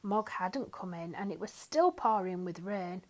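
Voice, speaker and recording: Woman storyteller, picture-book read-aloud, slow, lively sing-song. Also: mid-range voice.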